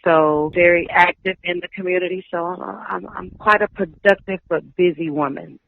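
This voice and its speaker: A woman's voice: on the low side, fairly even intonation, normal speed, gravelly, no echo. Upbeat Texan woman on a phone line. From Texas. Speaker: guest, Reiki practitioner. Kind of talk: casual interview chat. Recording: dry tinny phone line.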